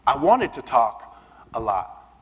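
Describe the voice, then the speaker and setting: A man giving a keynote speech, telling personal stories in an animated way and acting out the voices of the people he quotes. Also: mid-range voice, slow pace. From Southern United States. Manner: animated, acts out quoted voices, repeats words when starting a line. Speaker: keynote speaker. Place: large conference hall. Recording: reverberant hall.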